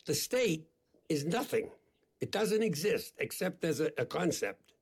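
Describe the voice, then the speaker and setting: An older man, a priest, speaking as an interview guest in an emphatic, deliberate, preacherly way. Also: a little high, very animated, slightly rough.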